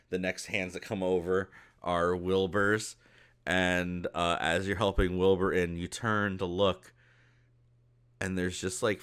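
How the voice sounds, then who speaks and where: Slow, deep-voiced game master. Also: male voice, fairly bright tone, clear, resonant tone. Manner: loose, conversational, many fillers. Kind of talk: narrating a tabletop game.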